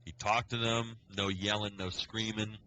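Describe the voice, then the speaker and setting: A man's voice: on the low side, level tone, normal speed, bright, forceful tone, a little hiss or hum, low-quality recording. A man, a scoutmaster, telling a long story on a casual podcast, acting out the quoted dialogue as he goes. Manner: rambling storyteller who acts out quoted dialogue.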